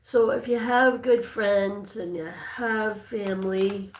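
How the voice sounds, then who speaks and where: A woman's voice: mid-range voice, steady tone, takes it slowly, slight background noise. A woman hosting a casual livestream, telling a personal story in a rambling way with many fillers and restarts. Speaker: livestream host. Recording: echoey room.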